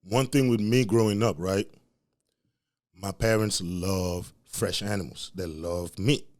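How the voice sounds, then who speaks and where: Animated young man telling a profane story. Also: deep voice, slow pace. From Africa. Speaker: podcast host. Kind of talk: storytelling rant.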